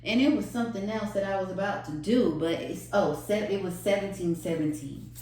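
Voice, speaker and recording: A woman's voice: mid-range voice, fairly quick, warm tone, echoey room, a little hiss or hum, rough recording. A woman giving an emotional, earnest tarot reading to her viewers, repeating phrases for emphasis. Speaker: tarot reader.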